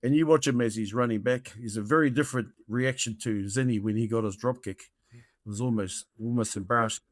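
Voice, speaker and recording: A New Zealand man in his fifties, a former rugby player, guests on a podcast telling rambling rugby-tour stories and calling everyone mate. He speaks briskly at medium pitch, and the clean studio sound has no echo.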